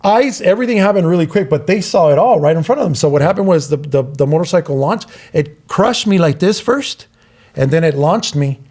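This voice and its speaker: A middle-aged Southern California man, a podcast co-host, speaks in a slightly high voice at a fairly quick pace. He casually tells a long story, animatedly acting out the voices of the people in it.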